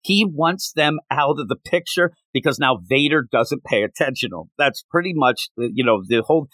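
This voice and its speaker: A man hosting a podcast, recapping a comic in casual, rambling, animated chat with lots of filler words. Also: medium pitch, moderate pace, no room sound. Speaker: podcast host.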